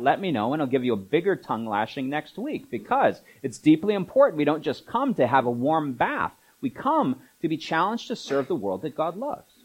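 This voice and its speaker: Male pastor, mid-pitched voice, chatty sermon style with asides and "uh"s. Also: breathy edge, low-quality recording. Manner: conversational preaching with asides and filler words. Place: church.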